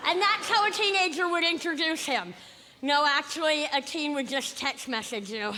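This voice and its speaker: A woman's voice: high-pitched, animated, normal speed, sharp tone, big-room sound, low-quality recording. A woman hosting a comedy show, introducing the next comic with playful, mocking teen-speak. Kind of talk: stand-up introduction. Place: comedy club stage with a live audience. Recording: live stage with audience noise.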